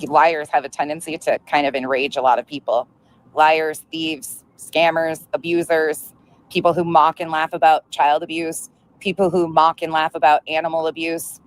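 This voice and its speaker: A woman's voice: sits low, flat delivery, normal speed. A woman hosting a commentary stream, answering played clips with blunt, sarcastic retorts. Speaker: commentary channel host.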